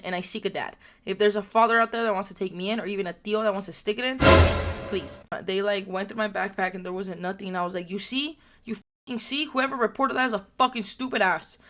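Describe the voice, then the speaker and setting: Young woman vlogging crude stories, brash and swearing a lot, loud outbursts. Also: medium pitch. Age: young adult. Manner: brash, profane, loud bursts and put-on mocking quotes. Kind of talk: crude comedic storytelling.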